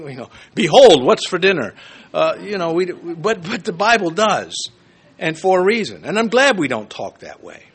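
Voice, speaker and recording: A man preaching a sermon to his congregation, emphatic and animated, with joking asides and quick swings between loud and soft. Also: on the high side, husky. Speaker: pastor.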